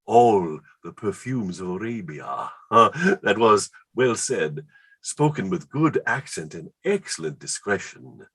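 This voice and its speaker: A man reading the part of an excitable, word-smitten Elizabethan poet in a staged play reading, rhapsodic and quick to laugh. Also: fairly low pitch, breathy edge, exaggerated voice. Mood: rapturous.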